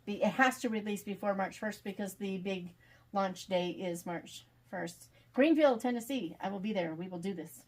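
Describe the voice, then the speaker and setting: A woman author in a casual interview, talking in an animated, chatty way with plenty of laughter. Her pitch sits in the middle of the range, and she speaks like someone who has a lot to tell. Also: moderate pace. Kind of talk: casual video call chat.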